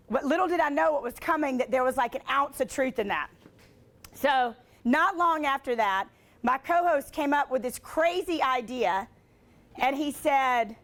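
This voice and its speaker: A woman's voice: sits high, moderate pace, a bit bright. A woman giving a motivational talk, telling stories in a chatty way with lots of fillers and self-deprecating humor. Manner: chatty, filler-heavy with frequent "like". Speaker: motivational speaker and sportscaster.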